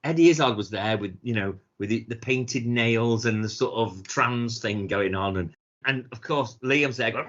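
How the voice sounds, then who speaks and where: Man, podcast co-host, sweary storyteller, mid pitch, muffled lo-fi audio. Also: measured pace, a bit bright. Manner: sweary storytelling, mimics quoted people. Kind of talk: casual chat. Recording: dull lo-fi sound.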